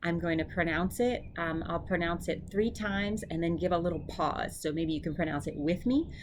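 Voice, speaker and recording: A woman tutoring her classmates, casually explaining each word and then repeating it slowly and clearly. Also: fairly low pitch, slight background noise. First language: English. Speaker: seminary student tutoring classmates. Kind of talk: informal pronunciation drill.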